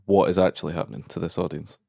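A man's voice: low-pitched, steady tone, very fast, creaky, a little mellow. A man co-hosting a podcast and teasing the guest in casual banter. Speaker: podcast co-host.

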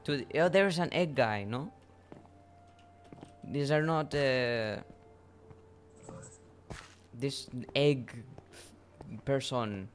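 A man's voice: medium pitch, drawn-out words, long pauses, slight background noise. A man streaming a game live, playful and given to laughing asides. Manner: playful, laughing, slips into Spanish exclamations. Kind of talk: live gameplay chat.

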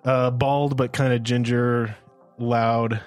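A man's voice: medium pitch, level tone, slow pace, soft background music. A man co-hosting a podcast, chatting casually and telling rambling stories full of fillers. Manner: rambling, filler-heavy storytelling. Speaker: podcast co-host. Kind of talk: casual chat.

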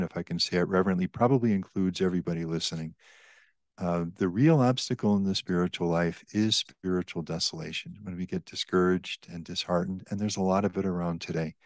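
An older man, a priest and author, explaining spiritual teaching on a podcast in a measured, reflective, earnest way. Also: sits low, darkish tone, dry recording.

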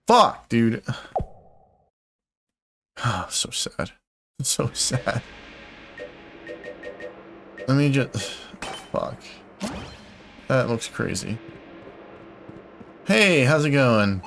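A young man giving casual gameplay commentary, swearing a lot and swinging into excitable, frustrated outbursts. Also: mid-range voice, slow, pauses often. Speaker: gamer. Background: game music.

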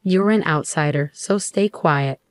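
Brief: woman narrator voicing a bossy, scornful mother in a storybook, lower voice, dry sound. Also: unhurried, no room sound. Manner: scornful, demanding. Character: condescending overbearing middle-aged mother.

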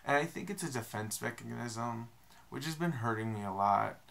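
A man's voice: medium pitch, lively intonation, moderate pace, creaky, fairly bright tone. A young man vlogging to the camera in a casual, rambling, self-deprecating way, with many fillers. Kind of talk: casual confessional vlog.

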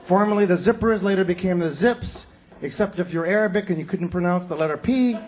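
Stand-up comic, male, high-pitched and animated, recorded live on stage with a loud laughing crowd. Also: a little fast. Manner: animated punchline delivery, slips into character voices. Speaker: stand-up comedian. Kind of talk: stand-up comedy set. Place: theater stage before a live audience.

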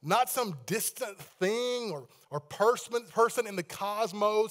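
Male pastor, fairly high voice, leads call-and-response sermons in a church. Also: lively intonation, a little slow. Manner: leads congregation in call-and-response readings and hand-raising; swings between loud proclaiming and hushed prayer. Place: church sanctuary with balcony.

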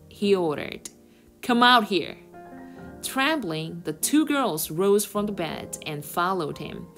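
A woman reads a children's novel aloud for English learners in an expressive storytelling style. Her voice is mid-pitched and very animated, rising and falling with the story. Her delivery suits a teacher reading to a class.

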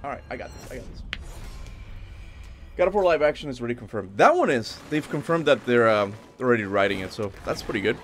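A male streamer talks through his gameplay in a loose, chatty way, his pitch leaping up and down as he reacts. He swears now and then, and faint game music plays underneath. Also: fast. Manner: chatty, excitable, swears casually. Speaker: gaming streamer. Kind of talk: casual live gameplay commentary.

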